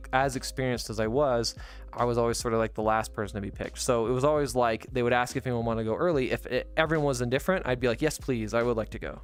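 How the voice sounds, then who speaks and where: A young man in a relaxed podcast chat tells a long personal story. He rambles with fillers and restarts, and his voice climbs when he acts out what others said. His pitch sits at a middling level for a man. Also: clean tone. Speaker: podcast host. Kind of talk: casual storytelling.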